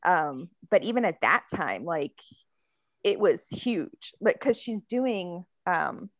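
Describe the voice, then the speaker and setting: A woman author chats easily in a podcast interview, laughing often and padding her answers with fillers. Her voice is a little low for a woman and has a gravelly edge. The close mic gives a dry sound with almost no room in it. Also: animated, slow, no room sound. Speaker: author guest. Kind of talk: casual interview chat.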